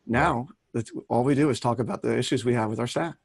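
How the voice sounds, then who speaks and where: Gravelly, husky man hosting a podcast. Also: medium pitch, quick pace, no room sound. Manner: chatty, rambling, restarts. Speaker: podcast host. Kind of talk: casual podcast chat.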